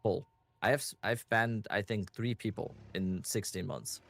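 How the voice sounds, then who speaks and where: A man's voice: fairly low pitch, fairly even intonation, normal speed, creaky, fairly bright tone, no room sound. A man chatting casually as a guest on a stream, easygoing with a dry humor, on a wireless headset.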